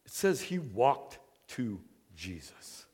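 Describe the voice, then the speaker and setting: A man preaching a sermon as earnest storytelling, moving between hushed, quiet passages and loud, excited bursts. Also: medium pitch, takes it slowly, husky. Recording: long reverb of a hall.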